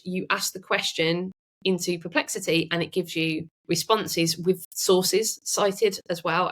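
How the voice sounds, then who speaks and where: Chatty lower-voiced woman. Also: fairly bright tone. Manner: chatty, self-correcting, laughs easily. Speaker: podcast guest, AI expert. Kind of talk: casual interview chat.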